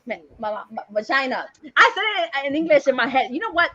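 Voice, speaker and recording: A woman with a Puerto Rican accent, co-hosting a casual chat, loud and laughing, switching between Spanish and English. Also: high-pitched, very animated, fast, dry recording, highs cut off. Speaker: podcast co-host.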